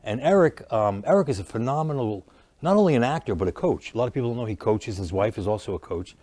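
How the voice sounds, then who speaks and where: A man, an actor and comedian, telling animated stories as a guest in a casual studio interview. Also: mid-range voice, fast, no room sound. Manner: animated storyteller who jokes and restarts lines.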